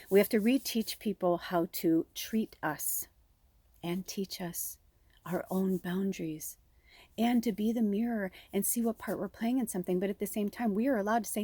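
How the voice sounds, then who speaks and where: Brief: middle-aged woman, tarot-style reader, candid and talkative, dry close sound, mid-pitched voice. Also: darkish tone, no echo. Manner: chatty, frank, swears casually, acts out quarrels in raised voice. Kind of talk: casual spiritual reading.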